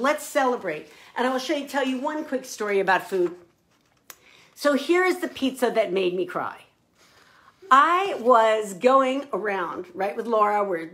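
A woman's voice: fairly high pitch, a bit bright. Chatty enthusiastic woman author. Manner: enthusiastic, chatty, shows items to camera. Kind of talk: casual chat to camera about her novel.

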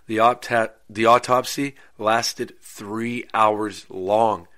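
A podcast host telling a true-crime story in a casual, animated way, swearing freely and making asides to listeners. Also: male voice, lowish voice.

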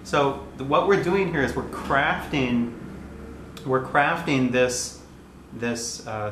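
A man giving a calm, explanatory piano lesson, talking between played passages. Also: mid-range voice, a little hiss or hum. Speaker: piano teacher. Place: room with a piano. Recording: roomy sound with piano playing.

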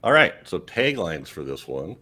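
A man's voice: low-pitched, sing-song, moderate pace, bright, forceful tone, a little hiss or hum. A man co-hosting a casual podcast discussion, rambling and trailing off with chuckles as he leads the segment. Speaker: podcast co-host leading the segment.

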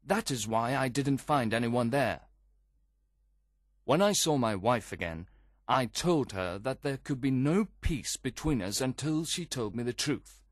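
A man's voice: mid-range voice, animated, measured pace, dry recording, clean studio sound. Man reading a story expressively. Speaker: audiobook reader. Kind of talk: scripted first-person narration.

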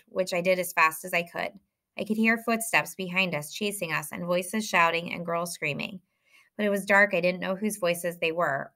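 Bright-toned woman reading a story. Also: lowish voice. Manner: lively first-person storytelling. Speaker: audiobook reader. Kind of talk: reading a novel aloud.

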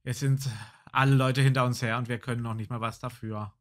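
A man's voice: medium pitch, flat delivery, fairly quick. A man hosting a let's play, reading game text aloud and muttering casual reactions.

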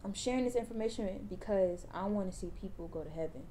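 A young woman talks straight to her viewers in a casual home vlog, mellow and warm, calling them y'all and circling back over her words. Her voice is even in pitch, with a faint hiss of background noise behind it. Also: fast. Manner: chatty, addresses viewers as y'all, restarts phrases. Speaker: vlogger. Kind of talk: casual vlog chat and encouragement.

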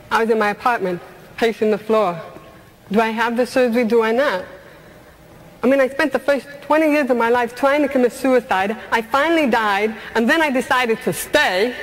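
A middle-aged woman giving a motivational talk, telling her life story earnestly with humorous asides. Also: fairly high pitch. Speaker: motivational speaker.

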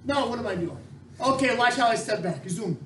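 A woman's voice: on the high side, lively intonation, brisk, a crowd in the background. A woman coach leading a playful yoga class, joking and counting holds aloud. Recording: echoey room, distant mic, noisy.

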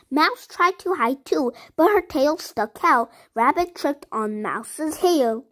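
Slow high-voiced woman reading a storybook. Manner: slow, clear, expressive reading. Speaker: children's story reader. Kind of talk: storybook read-aloud.

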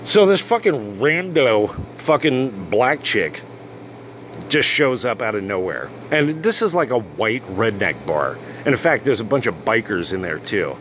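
A man's voice: on the low side, a little slow, slight background noise. A man telling a crude, swear-filled story as the host of a casual rant video. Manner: crude, swearing constantly, animated. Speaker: channel host.

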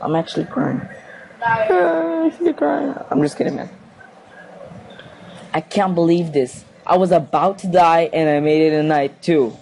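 A man's voice: a little high, normal speed, rough recording. A young man commenting casually on a horror game he is playing, anxious and pleading, rambling as he goes. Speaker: gaming video host. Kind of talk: casual let's play commentary. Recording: home recording with steady background noise.

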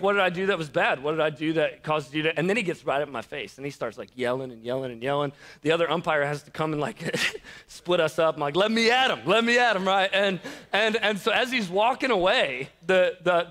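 A young man preaching a conversational sermon, telling stories with a self-deprecating, laughing, animated delivery. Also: high voice. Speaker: pastor.

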